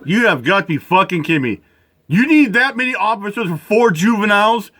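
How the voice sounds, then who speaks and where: Angry male reaction commentator, high lively voice, bright edge, profane and rambling. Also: brisk. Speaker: commentator reacting to news footage.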